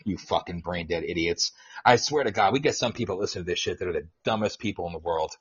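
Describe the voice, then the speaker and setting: A man's voice: low-pitched, quick pace, breathy edge, dry recording. A man co-hosting a casual talk podcast, ranting bluntly and profanely with scorn. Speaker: co-host. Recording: dull lo-fi audio.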